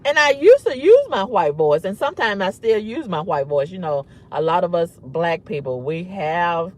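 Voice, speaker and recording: Husky, lively woman ranting. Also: on the low side, normal speed. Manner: emphatic and repetitive, blunt and profane. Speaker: vlogger. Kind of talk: candid storytelling rant.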